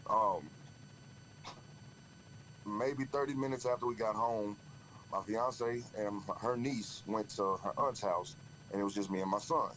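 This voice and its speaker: A man with a Texan accent, a guest on a talk show, answering quietly and hesitantly with many pauses. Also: lowish voice, a little hiss or hum, low-quality recording. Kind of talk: interview answers.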